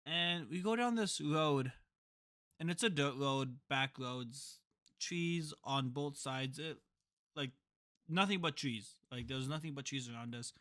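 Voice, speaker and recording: Laid-back young man, bright voice. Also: medium pitch, a little slow. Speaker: podcast co-host. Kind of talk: casual chat.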